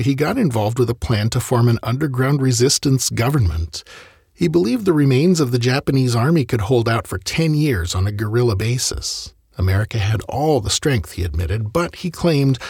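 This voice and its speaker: A man's voice: medium pitch, lively intonation, moderate pace, gravelly, darkish tone, slightly rough, no echo, clean studio sound. A man narrating a history story in a scripted style, with wry conversational asides.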